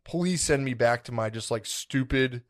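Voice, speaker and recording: Speaking at a moderate pace with a medium pitch, a man co-hosts a podcast. He rambles through a long story in easygoing chat, sprinkling in "like" and "dude" and acting out his earlier thoughts.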